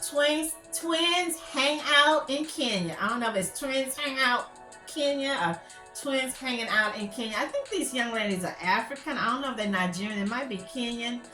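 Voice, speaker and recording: A woman's voice: a little high, normal speed, bright, forceful tone. A woman hosting a casual commentary vlog, chatty and gossipy, rambling with lots of fillers. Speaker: YouTube channel host. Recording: echoey room with faint music.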